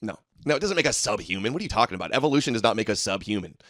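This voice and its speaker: A man's voice: lowish voice, sing-song, rapid-fire, fairly bright tone, no echo, clean studio sound. A man hosting a livestream, ranting in a combative, sarcastic and mocking way as he reads through posts and answers viewers. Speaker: livestream host.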